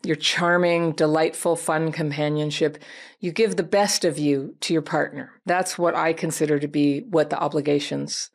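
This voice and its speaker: A woman hosting an advice talk. She answers a viewer's letter in a gentle, reflective way and speaks straight to the listener. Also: low voice, fairly even intonation, moderate pace. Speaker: advice host.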